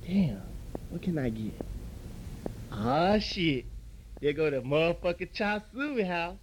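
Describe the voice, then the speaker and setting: A man's voice: on the high side, lively intonation, slow pace, low-quality recording. A man in a comedy sketch playing a brash customer, talking in profane street slang.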